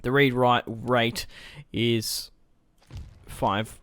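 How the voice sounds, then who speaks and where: A man's voice: mid-range voice, flat delivery, extremely slow, fairly bright tone, a little hiss or hum. A young man giving casual, rambling let's-play commentary as he plays, thinking aloud and swearing now and then. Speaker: gaming let's-play host.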